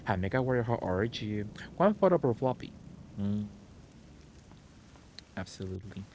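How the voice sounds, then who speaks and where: A man's voice: lowish voice, sing-song, normal speed, darkish tone, slight background noise. Chatty male streamer greeting chat. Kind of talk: casual live gameplay commentary.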